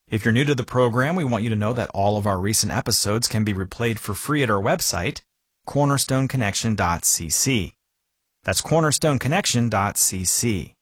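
A male announcer giving a smooth, scripted promotional read for a radio program. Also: mid-range voice, dry recording. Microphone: studio mic. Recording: dry studio voice-over with faint music.

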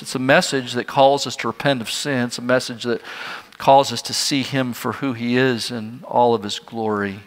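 A man's voice: medium pitch, a bit bright. A man preaching a sermon to his congregation, earnest and questioning his listeners. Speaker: pastor. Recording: long hall reverb.

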